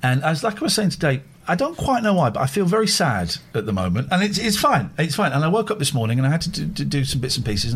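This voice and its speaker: A middle-aged man hosting a casual chat, his voice husky and his pitch swinging widely. He talks openly and emotionally, rambling as he goes. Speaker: host.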